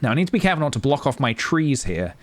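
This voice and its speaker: A young man chatting casually to his live-stream viewers as he plays a game, playful and chatty, with sudden excited squeals. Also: mid-range voice, very fast. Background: faint game music.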